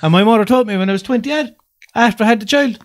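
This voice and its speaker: A man with a Limerick Irish accent, co-hosting a podcast in a small studio, joking and swearing in crude casual banter. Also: extremely high pitch. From Ireland. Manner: joking, swearing, quick mimicry. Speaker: podcast co-host.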